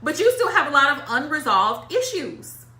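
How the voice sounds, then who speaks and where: A woman's voice: sits high, big pitch swings, normal speed, sharp tone, roomy sound. A woman giving a casual tarot talk to viewers, blunt and emphatic, repeating her points with slang and swearing. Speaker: tarot reader.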